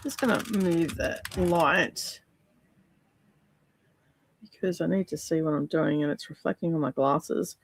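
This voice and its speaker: A husky, low-voiced woman, middle-aged and Australian, hosts a relaxed crafting stream in her craft room at home. She speaks a little slowly, pausing often, and wanders in her talk with lots of ums.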